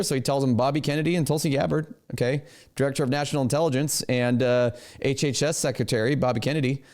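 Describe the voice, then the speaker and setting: A man at a medium pitch reacts to clips in loose, casual commentary. He is animated and opinionated and keeps turning aside to address his producer. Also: fast talker. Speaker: reaction video host.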